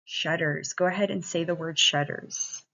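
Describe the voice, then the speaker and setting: A woman teacher giving a gentle, encouraging online reading lesson to young children over a computer mic. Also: lowish voice, fairly even intonation, moderate pace, gravelly. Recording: muffled lo-fi recording.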